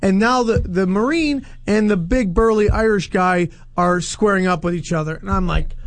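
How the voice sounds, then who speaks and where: High-voiced man telling a wild story. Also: normal speed, dry recording. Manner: animated storytelling, acts out voices, swears a lot. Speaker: podcast co-host telling a story. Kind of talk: casual chat.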